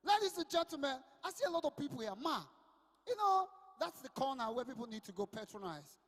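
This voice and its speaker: High-voiced Nigerian man MC over echoing PA. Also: big pitch swings, a little fast. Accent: Nigerian, Port Harcourt Pidgin. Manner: loud, punchy storytelling mixing English and Pidgin. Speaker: comedian and MC. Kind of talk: live stand-up at an event. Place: outdoor sports event over a PA.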